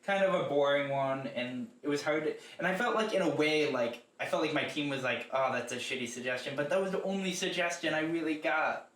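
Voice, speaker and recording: A man's voice: a little high, fairly quick, a bit bright. A young man co-hosting a podcast, chatting casually and rambling with lots of fillers. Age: young adult. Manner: rambling, filler-heavy talk with many "like"s. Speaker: podcast co-host. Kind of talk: casual chat. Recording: echoey room, mic at a distance.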